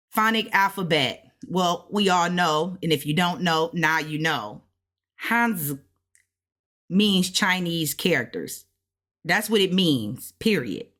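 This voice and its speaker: A woman's voice: on the low side, a bit bright. A woman giving a casual self-taught language lesson, thinking aloud as she goes and repeating words to sound them out. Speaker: language learner teaching what she studies.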